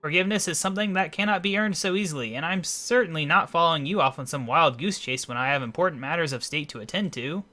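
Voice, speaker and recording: A man's voice: fairly high pitch, fast, hardly any pauses, bright, forceful tone, voice pushed up. A man voicing a vain, grumpy king who complains a lot and gives in to his wife. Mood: pompous. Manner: pompous, complaining.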